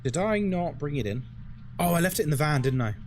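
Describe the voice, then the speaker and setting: A man's voice: fairly high pitch, lively intonation, a little fast, darkish tone, a little hiss or hum. A man streaming a horror game, chatting casually to viewers and ranting with frequent swearing and laughter. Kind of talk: casual live-stream commentary.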